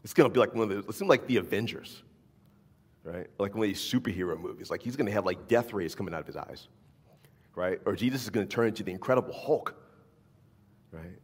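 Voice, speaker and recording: A pastor preaches in a church hall in a lowish, slightly rough voice, talking fast and pausing often. His style is loose, conversational, and animated, and he keeps checking in with listeners by asking "right?" The recording carries long hall reverb.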